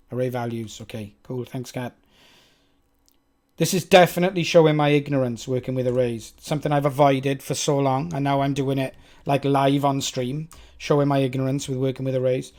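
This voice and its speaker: A man's voice: mid-range voice, steady tone, fairly quick, darkish tone. A man with a Welsh accent thinks aloud as he codes on a live stream, chatting with viewers and poking fun at himself. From Wales. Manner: chatty, self-mocking, talks to chat.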